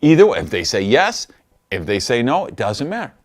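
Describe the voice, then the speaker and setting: Animated man coaching sales calls. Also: mid-range voice, a little fast. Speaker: network marketing trainer. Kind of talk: recorded training lesson.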